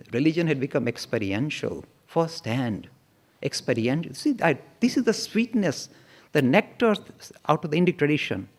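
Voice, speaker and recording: Man, public lecture, emphatic, pitch swings a lot, fairly high voice. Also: a little mellow. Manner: emphatic, playfully acts out quoted voices. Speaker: lecturer on religion.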